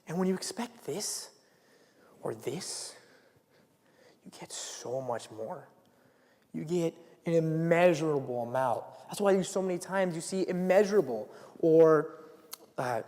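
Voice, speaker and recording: A man's voice: on the high side, darkish tone. A young man giving a casual sermon as a student speaker, talking conversationally and dropping into whispers when he acts out quotes. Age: young adult. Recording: reverberant hall, live stream.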